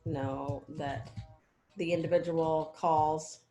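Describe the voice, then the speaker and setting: A woman's voice: low voice, fairly even intonation, slow, dark tone, roomy sound, faint music behind. A woman mentoring students in a casual meeting on a video call, rambling with many fillers and often checking that they follow. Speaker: research mentor.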